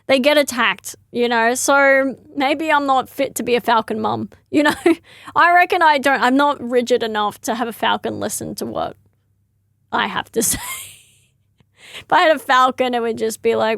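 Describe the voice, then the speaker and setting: Brief: young female comic, high voice with vocal fry, rambling and giggly, dry close sound. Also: moderate pace, a bit bright, no echo. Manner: rambling, giggly, lots of "like" and self-corrections. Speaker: comedian. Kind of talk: casual comedic monologue.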